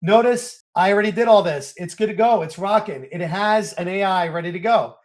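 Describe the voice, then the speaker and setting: A man hosting a screen-share software walkthrough, narrating each click to viewers in an excitable, hyped-up way. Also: high-pitched, brisk. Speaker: software tutorial host.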